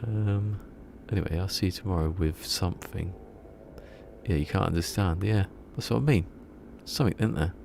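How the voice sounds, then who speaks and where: A man with a low voice chats loosely to his live-stream audience from a home gaming setup. He rambles from one thought to the next and laughs at his own jokes. His voice carries a gravelly edge, with faint background noise. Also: mellow. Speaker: game streamer. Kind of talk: casual live-stream chat.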